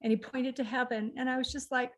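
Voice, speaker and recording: A woman's voice: high voice, little pitch movement, fast talker. A middle-aged woman recounting a personal family story in conversation, acting out the quoted lines of the people in it. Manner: emotional, acts out quoted dialogue. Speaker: author guest.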